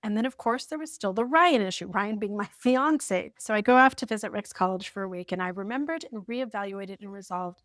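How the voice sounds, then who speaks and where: Woman in her 40s reading from her journal, wry, lighthearted, middle pitch, dry close sound. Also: a little fast, hardly any pauses, fairly bright tone, no room sound. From United States. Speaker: vlogger. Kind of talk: storytelling while reading from an old journal.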